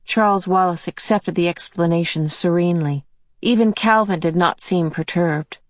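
A woman narrating a novel in a calm, measured reading voice. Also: fairly low pitch, dry recording. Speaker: audiobook narrator. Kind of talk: scripted narration.

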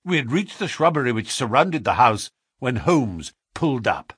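Male audiobook narrator, measured and expressive, slightly husky, dry close recording. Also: no room sound. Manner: measured storytelling, lively pitch.

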